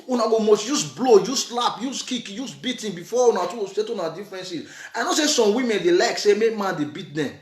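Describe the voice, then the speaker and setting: High-voiced Nigerian man preaching advice. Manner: earnest, repetitive, mixes in Nigerian Pidgin, breaks into laughter. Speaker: vlogger giving relationship advice. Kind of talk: casual preachy monologue. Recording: echoey room.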